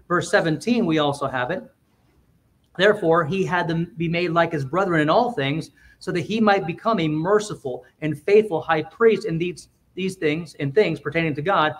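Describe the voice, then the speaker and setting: A man preaching a sermon in a church, emphatic, with quick asides and swings between loud and quiet. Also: a little high. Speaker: pastor.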